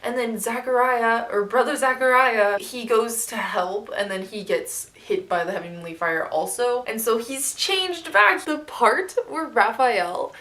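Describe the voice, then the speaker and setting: A woman's voice: fairly high pitch, measured pace, hardly any pauses, fairly bright tone. A woman reviewing a book in a casual vlog, retelling the story in a chatty, gushing way full of "like". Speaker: book vlogger.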